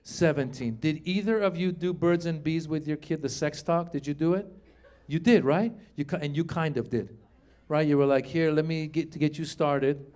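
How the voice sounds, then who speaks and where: High-voiced middle-aged stand-up comic. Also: male voice, moderate pace. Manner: animated storytelling with crowd work, acting out voices. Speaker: stand-up comedian. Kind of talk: stand-up comedy set. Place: theater stage before a live audience. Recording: live room with audience laughter.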